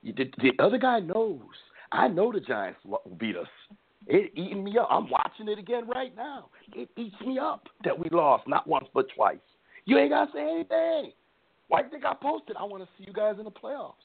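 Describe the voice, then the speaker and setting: A man hosting a casual sports talk show, animated and opinionated, often repeating words as he gets going. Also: high-pitched, normal speed, creaky, husky. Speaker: podcast host. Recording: tinny phone-like line.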